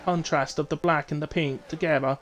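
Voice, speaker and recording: A man's voice: a little high, steady tone, brisk, a bit bright, natural voice. A man voicing a flamboyant old male fashion critic who drawls "darling" in an affected way. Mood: gushing.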